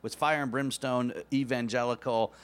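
A man co-hosting a podcast in casual chat, jokey and quick to laugh. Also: medium pitch, smooth. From United States. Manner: animated, laughs often, jokey asides. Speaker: podcast co-host.

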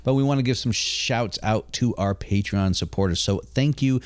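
A man's voice: fairly low pitch, normal speed, clean tone, no room sound. A man co-hosting a podcast in a casual chat; he laughs easily and talks loosely. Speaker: podcast co-host.

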